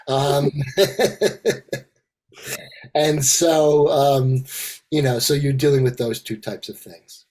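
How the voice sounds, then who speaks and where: An older man facilitating an online empathy circle, talking in a halting way with many fillers and restarts. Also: medium pitch, darkish tone. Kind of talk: casual online group discussion. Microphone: video call.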